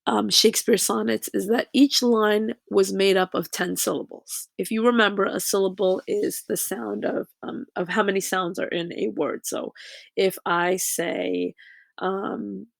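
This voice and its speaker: A woman's voice: medium pitch, steady tone, measured pace, creaky, no room sound. A woman teacher giving a recorded lesson to her students, explaining patiently, with frequent fillers and "okay?" check-ins.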